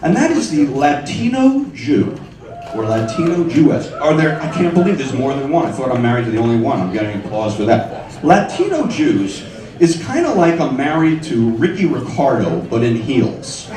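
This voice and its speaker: A man in his forties doing a stand-up set in a comedy club, wry and punchy, with sudden high squeals on his punchlines. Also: big pitch swings, normal speed, crowd noise. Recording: echoey club sound from far off.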